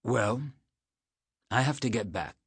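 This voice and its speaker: A man's voice: mid-range voice, animated, slow pace, breathy edge, dry recording, exaggerated voice. A man voicing a sick teenage boy who grumbles and makes wry jokes. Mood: grumbling. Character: sick sixteen-year-old boy, grumbling and joking.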